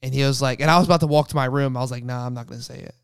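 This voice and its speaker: A man's voice: mid-range voice, steady tone, rapid-fire, vocal fry, smooth, no room sound, clean studio sound. A young man co-hosting a casual faith podcast, telling a personal story with lots of restarts. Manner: rambling storyteller with many restarts. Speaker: podcast co-host.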